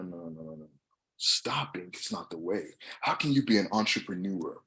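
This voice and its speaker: Motivational speaker: young man, lively, bright-toned, shouts then drops low. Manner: passionate, swings from shouting to soft asides. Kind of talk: motivational monologue.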